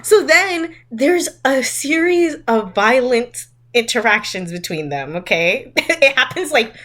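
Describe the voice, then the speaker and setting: A woman's voice: a little high, measured pace. A woman co-hosting a podcast, chatting casually and roasting a movie with lots of laughter. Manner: chatty, animated, laughs often. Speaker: podcast co-host.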